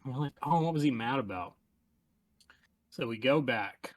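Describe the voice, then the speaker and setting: Deadpan man rambling through a story. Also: mid-range voice, normal speed, no echo. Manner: meandering, deadpan, trailing off and restarting. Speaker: streamer.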